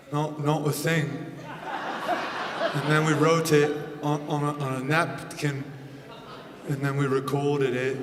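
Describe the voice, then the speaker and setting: A man's voice: fairly high pitch, voice pushed down. A man doing a mopey, mumbling British rock star. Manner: soft, mopey, deadpan. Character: mumbling, gloomy British male rock singer. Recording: echoey hall, music behind.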